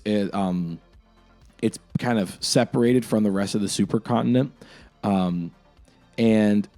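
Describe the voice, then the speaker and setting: A man's voice: lowish voice, a little mellow. A young man, a game master, talking casually about his campaign world, rambling with lots of fillers. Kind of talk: casual lore talk. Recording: music in the background.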